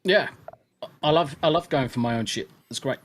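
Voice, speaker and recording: A man's voice: a little high, normal speed, slight background noise. Swearing, bantering podcast host man. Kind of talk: casual podcast chat.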